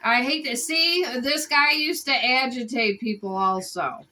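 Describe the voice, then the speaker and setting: Woman tarot reader, bright and a bit high, casual, exasperated, swears freely. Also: unhurried, rough recording. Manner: exasperated, scolds between readings. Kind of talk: casual tarot reading video.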